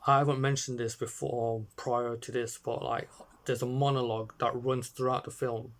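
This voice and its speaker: A man's voice: mid-range voice, little pitch movement, normal speed. Hesitant man rambling a review. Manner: hesitant, many fillers and restarts. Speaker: film reviewer.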